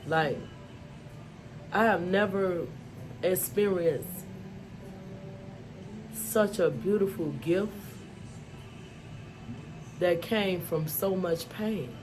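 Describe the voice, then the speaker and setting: An adult woman with school-age children tells her own life story in a vlog, frank and emphatic, often saying "you know" and "y'all." She talks very slowly in a fairly low voice, leaving long pauses, with background noise audible.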